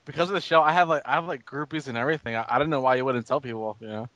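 Dry-sounding American man, halting chatter. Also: medium pitch, a bit bright, no room sound. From United States. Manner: hesitant, repeats words, amused. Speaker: podcast co-host. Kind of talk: casual chat.

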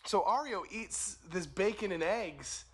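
High-voiced man telling a story. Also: expressive, unhurried, husky. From California. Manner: rambling with fillers and restarts. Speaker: podcast co-host. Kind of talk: casual comedic storytelling.

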